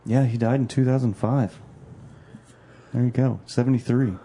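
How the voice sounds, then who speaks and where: A man's voice: mid-range voice, steady tone, moderate pace, warm tone, a little hiss or hum. A man co-hosting a casual podcast chat, joking and enthusiastic with playful teasing. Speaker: podcast co-host.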